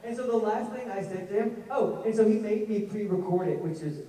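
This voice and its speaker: A man with a Southern accent and a fairly high voice rambles through funny stories at a fan convention panel. He is self-mocking and full of animated asides. He is heard from a distance in a vast, echoing hall. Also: brisk. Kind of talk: casual storytelling to an audience. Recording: echoey hall, heard from far off.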